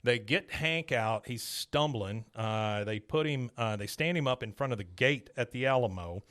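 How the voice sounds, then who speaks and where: A man hosting a podcast, recapping a cartoon episode in a casual, animated way and chuckling often. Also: mid-range voice, normal speed. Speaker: podcast host.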